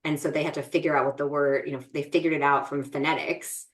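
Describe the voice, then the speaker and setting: Middle-aged female podcast co-host, low-pitched, loose chatty delivery. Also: steady tone, fast talker. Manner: chatty, many fillers and restarts. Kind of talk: casual chat.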